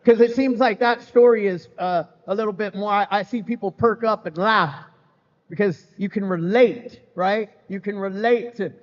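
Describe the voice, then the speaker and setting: Middle-aged guy, highish voice, telling his story real candid and funny, lots of "man" and "you know", muffled sound in a big echoey hall. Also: normal speed. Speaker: speaker sharing his recovery story. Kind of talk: live recovery testimony to an audience. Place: event hall with live audience.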